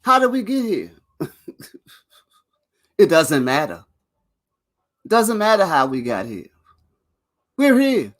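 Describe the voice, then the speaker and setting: His high voice swoops wildly in pitch, and he speaks slowly with long pauses. On his own channel, this vlog host rambles and swears through a casual rant, facing viewers directly and laughing between lines.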